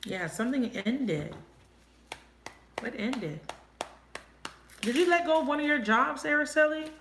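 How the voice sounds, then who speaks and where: A woman giving a live tarot reading, thinking aloud and asking quick, emotive questions. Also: sits high. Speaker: tarot reader. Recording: echoey room, faint noise.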